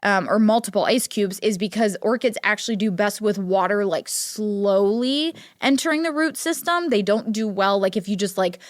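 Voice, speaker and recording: A young woman from Ohio tells stories on her solo podcast, chatty and animated, with "like" in almost every phrase. She jumps into a higher voice whenever she quotes someone. Her voice sits at a middle pitch, and the recording is close and dry. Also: moderate pace, few pauses, dry recording. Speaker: podcast host. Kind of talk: casual solo podcast chat.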